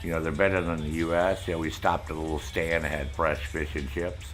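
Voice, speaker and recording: Soft music sits under this middle-aged Maine streamer as he chats loosely with his viewers, swearing his way through long, wandering stories. His low, rumbling voice stays level and a bit bright, moving at a fairly quick clip.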